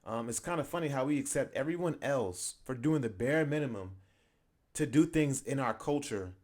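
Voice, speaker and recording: A man's voice: mid-range voice, expressive, moderate pace, a little mellow. A young man hosting his channel, reacting in casual commentary, conversational and laughing often as he makes his points. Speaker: channel host reacting to a video.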